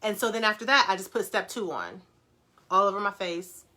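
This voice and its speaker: A young woman hosting a casual livestream, reading viewer comments aloud and answering them in a fast, animated way with frequent laughter. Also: mid-range voice. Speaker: brand founder hosting a live Q&A.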